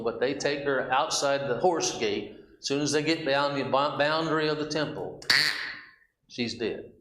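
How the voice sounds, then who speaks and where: A man's voice: medium pitch, unhurried, a bit bright, reverberant, low-quality recording. A man teaching a Bible study class, asking questions and reading scripture aloud in a conversational way. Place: church classroom.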